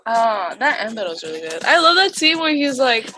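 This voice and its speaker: A chatty young woman with a fairly high voice talks about movies on a casual podcast. She is animated and full of "like" fillers. Faint music plays behind her. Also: fairly quick, few pauses. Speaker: podcast co-host. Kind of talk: casual chat.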